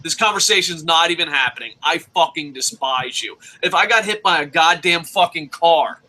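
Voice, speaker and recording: A young man hosting a wrestling review, ranting casually with lots of swearing and bursts of shouting. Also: fairly high pitch, lively intonation, normal speed, rough recording. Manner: profane, ranting, shouts at times.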